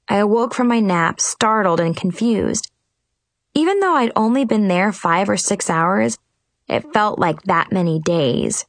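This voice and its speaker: A woman's voice: mid-range voice, measured pace, no room sound. A woman narrating a storybook expressively in first person.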